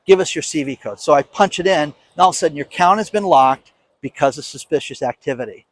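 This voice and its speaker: A man's voice: on the high side, fast. A man in his fifties, hosting a casual monologue, telling a story with emphatic, indignant energy and acting out quoted lines. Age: 50s. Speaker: show host.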